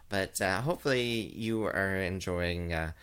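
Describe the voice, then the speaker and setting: Man, drag queen host, casual chat, deep voice, bright, lots of fillers and laughs. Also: expressive, moderate pace. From Canada. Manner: chatty and giggly, many fillers, jumps into high sing-song voices. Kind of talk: casual chat show monologue. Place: home, recorded live.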